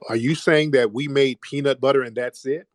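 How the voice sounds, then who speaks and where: A man runs a call-in show and argues hard, talking over callers and saying things twice. His voice sits at a middle pitch. The sound is dry and close. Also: steady tone, moderate pace, no room sound. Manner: forceful, repeats himself, cuts callers off. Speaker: host of a call-in audio show. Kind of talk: argumentative call-in talk.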